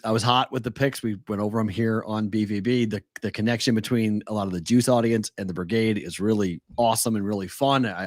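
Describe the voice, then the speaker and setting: A man's voice: lowish voice, dry recording. Upbeat man wrapping up a show. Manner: upbeat, repeats words when excited. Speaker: co-host. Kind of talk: casual sports talk.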